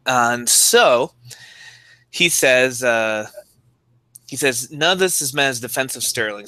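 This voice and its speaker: Bright-voiced man, dry podcast co-host. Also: mid-range voice. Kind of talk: casual chat, reading aloud.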